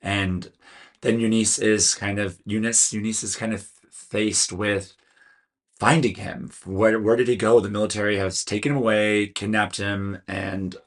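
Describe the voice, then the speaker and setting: A man with a Californian American accent, giving a chatty, earnest solo film review and stumbling now and then over names. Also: fairly low pitch. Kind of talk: casual solo video review.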